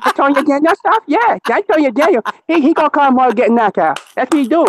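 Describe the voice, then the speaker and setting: A high, babbling caller who rambles in garbled syllables and boasts about himself, as a man mocks him. Faint hiss sits behind the voice. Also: expressive, fast talker. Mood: mocking. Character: mocked male caller, rambling garbled bluster.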